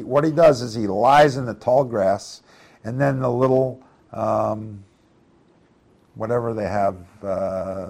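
A man's voice: medium pitch, vocal fry. A middle-aged man leading a Bible study, reading verses aloud and explaining them in a casual, conversational way with questions to the listeners. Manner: reads scripture aloud then explains it conversationally, asks the group questions. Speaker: preacher.

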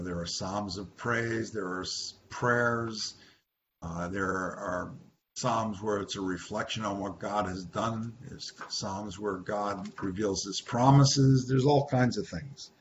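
Slow, conversational man teaching scripture. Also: lowish voice. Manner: conversational, repeats words, asks the group questions. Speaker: Bible teacher. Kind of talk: informal Bible study teaching. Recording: dull lo-fi recording with faint hiss.

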